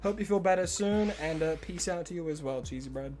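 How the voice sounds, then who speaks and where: A man with an Australian accent and a high-leaning, darkish voice streams a game live, chatting casually and jokingly with viewers at a brisk pace. He greets chatters and answers them, his voice prone to cracking, with soft music in the background.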